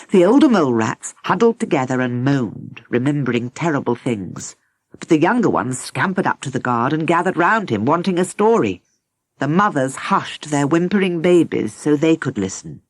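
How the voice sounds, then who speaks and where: A woman narrating a children's audiobook in an expressive storybook manner. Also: low-pitched, moderate pace, no room sound. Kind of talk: scripted narration.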